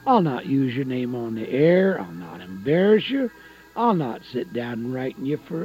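An older man preaching a fervent broadcast sermon, rising to loud exhortation and dropping to hushed pleading. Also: medium pitch, sing-song, normal speed. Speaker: evangelist preacher. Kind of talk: broadcast sermon with altar call. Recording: dull lo-fi broadcast audio, faint music.

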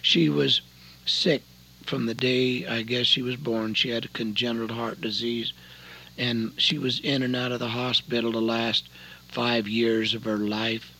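Old guy preaching over the radio from his home shack, gravelly and husky, folksy stories. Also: medium pitch, little pitch movement, unhurried, pushed and bright, rough recording. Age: older. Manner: folksy, pleading, personal storytelling.

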